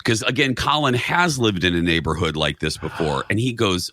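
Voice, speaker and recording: Male talk-show guest, lively and bright, spins an anecdote and plays out his reactions on a dry studio mic. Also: lowish voice, normal speed, dry recording. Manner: animated storyteller, acts out his own reactions. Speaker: guest, radio and TV host. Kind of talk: casual chat, storytelling.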